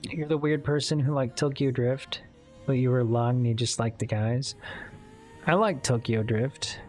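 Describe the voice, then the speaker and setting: A man's voice: medium pitch, steady tone, a little slow, darkish tone, soft background music. A man streamer chatting casually with his viewers, rambling and candid, swearing now and then. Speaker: streamer talking with chat. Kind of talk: casual live-stream chat.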